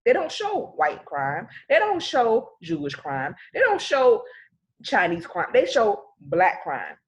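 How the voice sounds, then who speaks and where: A woman co-hosting a casual podcast, her voice sitting at a middle pitch. She talks in an animated way, slipping into little acted-out scenes to make her point. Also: slow. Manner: animated, acts out scenarios in speech. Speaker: podcast co-host.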